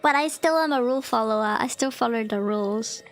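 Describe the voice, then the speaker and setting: A woman streamer chatting casually, reading a text aloud and breaking off with giggles, fillers and squeaky bursts of disbelief. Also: fairly quick, faint music behind. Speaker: VTuber streamer.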